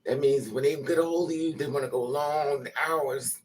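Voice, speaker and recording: A woman's voice: low voice, fairly even intonation, moderate pace, few pauses, a little mellow, far from the mic. Frank, laughing older woman livestreaming. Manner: frank, laughing, greets viewers by name. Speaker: livestream host. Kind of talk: casual livestream chat.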